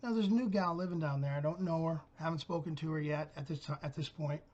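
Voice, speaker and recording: A man's voice: on the high side, quick pace, a little mellow, dull audio. A middle-aged man hosting his own channel, telling a story in a blunt, profane rant. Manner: blunt, gruff, cursing storyteller. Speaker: channel host.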